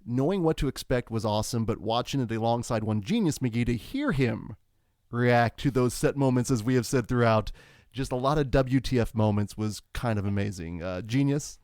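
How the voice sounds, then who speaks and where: A man's voice: medium pitch, moderate pace, a little mellow, no room sound, clean studio sound. A man hosting a casual horror movie podcast, upbeat and steering the conversation to wrap-up. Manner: upbeat, wraps up segments. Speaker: podcast host. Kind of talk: casual chat.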